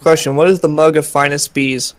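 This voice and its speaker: A man's voice: fairly high pitch, fairly even intonation, fairly quick. A young man co-hosting a livestream, reading chat questions aloud with wisecracks.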